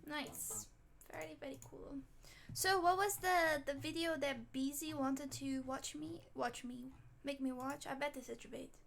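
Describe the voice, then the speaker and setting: A woman's voice: sits high, fairly even intonation, a little slow, vocal fry, hardly any pauses, fairly bright tone, faint music behind. A woman streamer chatting casually with her viewers, reacting aloud and talking straight to chat.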